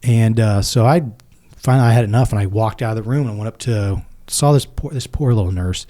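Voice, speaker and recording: A man's voice: lowish voice, a little fast, dark tone. A man in his forties, a military veteran and podcast guest, earnestly retelling a personal story and acting out both sides of each conversation.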